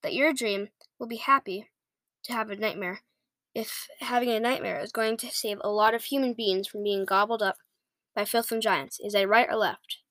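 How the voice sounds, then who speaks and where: A woman reading aloud and voicing a big, gentle male giant who talks in mangled, folksy grammar. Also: mid-range voice, steady tone, normal speed, no room sound, lightly acted. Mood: earnest. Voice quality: ungrammatical folksy speech.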